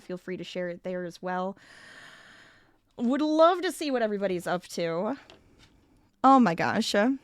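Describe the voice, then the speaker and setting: A woman's voice: medium pitch, clear, resonant tone, dry recording, clean studio sound. A woman streamer chatting casually with her chat while she crochets. Her voice is slightly scratchy as she gets over an illness, and she laughs often. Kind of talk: casual crafting livestream chat.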